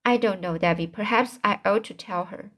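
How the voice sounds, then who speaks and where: A woman voicing an earnest young woman who speaks gently but firmly in a storybook reading. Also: mid-range voice, normal speed, lightly acted.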